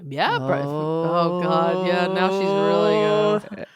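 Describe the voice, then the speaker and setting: A woman co-hosting a comedy podcast, telling stories in an animated way and laughing often. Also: lowish voice, takes it slowly, a loud crowd. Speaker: podcast co-host. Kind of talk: casual comedic chat. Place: podcast studio.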